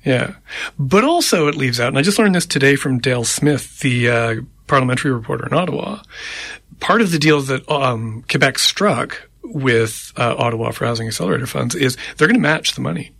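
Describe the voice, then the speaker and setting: A man's voice: medium pitch, expressive, brisk, vocal fry, fairly bright tone, slightly rough, no room sound. A man co-hosting a radio show, chatting casually about city politics in a conversational, rambling way. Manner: conversational, rambling, tallies names aloud. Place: radio studio. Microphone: studio microphone.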